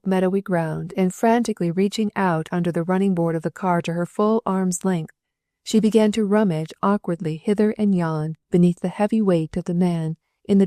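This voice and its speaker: A woman narrating a novel as an audiobook, telling the story in an expressive, dramatic way. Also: medium pitch, no echo, studio quality.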